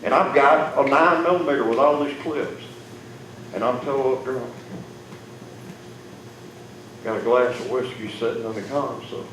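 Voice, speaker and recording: A man telling an emotional personal testimony to an audience, folksy and plainspoken, with big swings in loudness. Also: mid-range voice, normal speed. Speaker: testimony speaker. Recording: echoey room, far mic, noisy.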